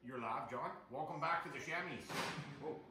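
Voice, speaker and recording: A man's voice: fairly high pitch, normal speed, very noisy. A man hosting a casual cooking demonstration in his home kitchen, chatting away and calling his viewers "you guys". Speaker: cooking show host. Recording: echoey kitchen with loud frying sizzle.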